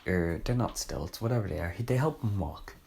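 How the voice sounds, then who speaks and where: A man's voice: low voice, lively intonation, fairly quick, gravelly, darkish tone. Rambling, sweary young man reviewing. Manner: rambling, sarcastic, sweary, corrects himself mid-sentence. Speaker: book reviewer. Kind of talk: casual spoken review.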